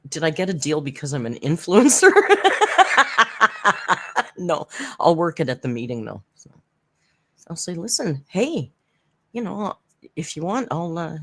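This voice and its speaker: A woman from Canada hosting a casual live stream from home, chatty and laughing often as she tells stories with dark humor. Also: sits low, sing-song, moderate pace, pauses often. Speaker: YouTube commentary host. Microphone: headphones with desk mic.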